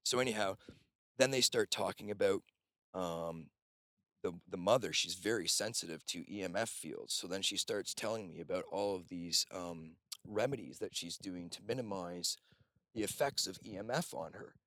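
A man's voice: low-pitched, moderate pace, a bit bright, dry recording. A man, host of an off-grid cabin, telling long rambling stories in casual conversation and swearing now and then.

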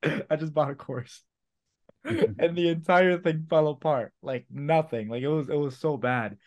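A man in a casual podcast chat, talking haltingly with frequent restarts. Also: a little high, darkish tone. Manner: halting, many restarts and fillers.

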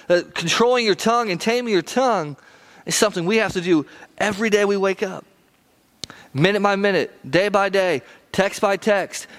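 A man preaching a sermon as pastor, earnest and repetitive, with quick runs of phrases and slow, emphatic beats. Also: high voice, fairly bright tone.

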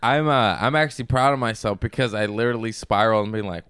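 A man's voice: mid-range voice, expressive, quick pace, a bit bright, no echo. Goofy, laughing man on a podcast. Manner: goofy, laughing often, rambling. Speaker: podcast guest. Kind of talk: casual comedic chat. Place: podcast studio.

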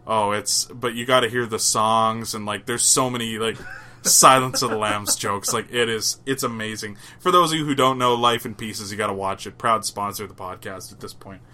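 Homem falando de forma animada, voz brilhante. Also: male voice, on the low side, fairly even intonation, normal speed, sharp tone. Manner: rambling, swears casually, playful. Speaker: podcast co-host. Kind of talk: casual chat.

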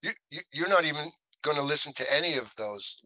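A man's voice: fairly high pitch, fairly quick, dry recording, rough recording. A man, an actor, telling stories in a casual interview and animatedly acting out what others said. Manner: animated, acts out other people's lines. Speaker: actor guest.

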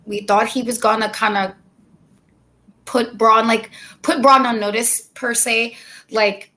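Easygoing co-host: woman with a slightly high voice, playful, quick to laugh. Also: fairly even intonation, pushed and bright. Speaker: podcast co-host. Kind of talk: casual wrestling recap chat.

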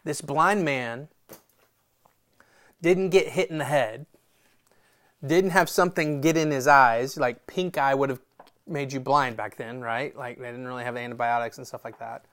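This pastor's voice is mid-range and fairly bright, unhurried and broken by long pauses. His sermon unfolds as relaxed, conversational storytelling, complete with voiced quotes and laughter.

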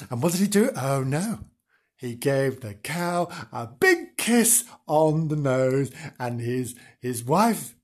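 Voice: medium pitch, breathy edge. A storyteller reading a comic storybook aloud, giggling and breaking off to joke about the story.

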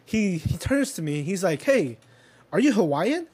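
This young man speaks at a measured pace in a high voice that swings widely in pitch, a bit mellow with a breathy edge. His casual story rambles on, full of fillers and profanity, punctuated by chuckles.

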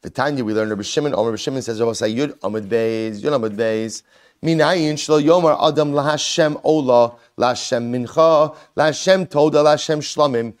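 A man teaching a Talmud lesson, animated, asking and answering his own questions and mixing Hebrew and Aramaic terms into English. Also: medium pitch, moderate pace. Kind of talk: Talmud lesson, explaining a text.

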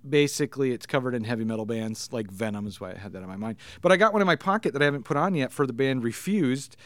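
Smooth-voiced man in his thirties. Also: medium pitch, animated, fast, no room sound. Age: 30s. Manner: enthusiastic, chatty fan. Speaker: podcast co-host. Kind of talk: casual comic book chat.

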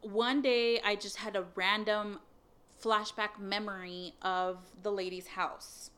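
A woman's voice: mid-range voice, slow, clear, resonant tone. A young woman casually telling a personal story, candid, swearing freely and filling her talk with "like" and "um". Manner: candid, swears, many fillers, animated retelling of dialogue.

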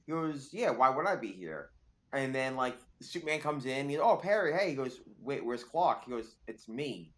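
A man's voice: medium pitch, lively intonation, moderate pace, a bit bright. Rambling man chatting about comics. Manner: rambling, many fillers and restarts. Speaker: podcast co-host. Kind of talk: casual comic book chat.

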